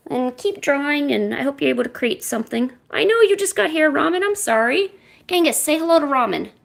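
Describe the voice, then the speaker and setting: A woman's voice: high voice, animated, fairly quick, creaky. A woman streamer chatting casually and coaxing her cats with playful, baby-talk asides. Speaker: art streamer.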